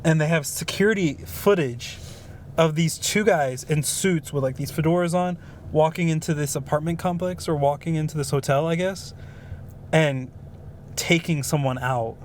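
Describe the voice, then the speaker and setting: A man's voice: on the high side, normal speed, a little hiss or hum. A young man co-hosting a podcast, telling stories in a rambling, casual way with lots of fillers. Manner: rambling storyteller with many fillers. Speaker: podcast co-host. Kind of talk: casual chat.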